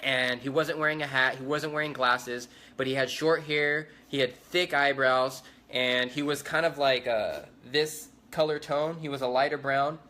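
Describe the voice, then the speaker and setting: A man's voice: mid-range voice, steady tone, normal speed, hardly any pauses, sharp tone. A young man giving a rambling, repetitive eyewitness account in a casual livestream. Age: young adult. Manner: rambling, repetitive, urgent retelling. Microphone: phone livestream.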